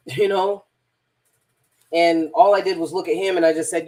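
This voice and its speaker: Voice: mid-range voice, fairly even intonation, unhurried, long pauses, mellow. A transformational coach telling a personal story in a rambling, emphatic monologue, often repeating words.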